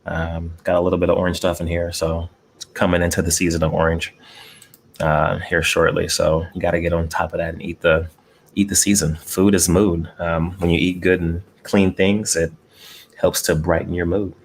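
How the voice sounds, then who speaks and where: In a room at home with air conditioning, a man speaks close to a desk mic while casually eating on a live stream. His low-pitched voice shows little pitch movement at normal speed, with slight background noise. He is laid-back, greets chat and chuckles often.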